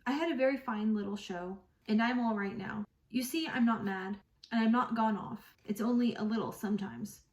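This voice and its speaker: A woman's voice: on the high side, normal speed, a little mellow, reverberant, recorded from a distance, close to an everyday voice. A woman reading aloud the lines of a guarded, moody young woman in love from a novel. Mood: earnest. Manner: read aloud plainly from a novel.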